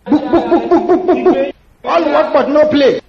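A man's voice: high-pitched, moderate pace, crowd noise. A man playing an angry young woman who mocks a bookish boy, repeating her words. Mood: scolding. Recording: echoey hall, dull lo-fi sound.

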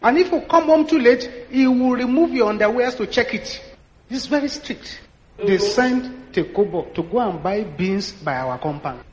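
A Nigerian man in his sixties, a pastor telling stories in an animated sermon and acting out the dialogue. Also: extremely high pitch, moderate pace. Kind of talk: sermon storytelling. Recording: echoey hall, dull lo-fi sound.

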